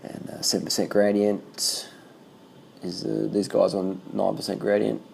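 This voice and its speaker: A man giving casual, excitable running commentary over bike race footage, swearing freely and repeating himself. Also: fairly low pitch, a little slow, vocal fry, slight background noise.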